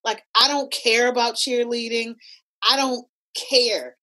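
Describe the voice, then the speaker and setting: A woman hosting a podcast, telling animated, profane stories in casual chat. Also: fairly high pitch, a little slow, poor audio. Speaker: podcast host; cheerleading coach.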